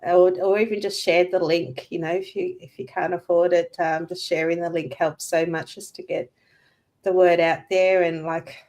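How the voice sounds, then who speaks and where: A woman's voice: lowish voice, fairly even intonation, moderate pace, a little mellow. A woman speaking as a guest on a casual livestream, heartfelt and thankful, close to tears. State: emotional, near tears.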